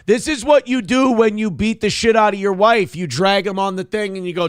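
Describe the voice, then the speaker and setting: A man's voice: high-pitched, brisk, hardly any pauses, clean tone, no room sound, studio quality. Foul-mouthed, mocking male show host. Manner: angry, mocking, heavy swearing. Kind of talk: profane commentary reacting to a clip.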